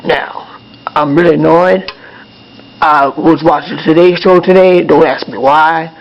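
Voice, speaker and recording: A man's voice: on the high side, steady tone, a little slow, gravelly, lo-fi sound. A man voicing a grumpy male puppet who rants angrily in a puppet show monologue, with apologetic asides. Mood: angry. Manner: angry ranting, apologetic asides.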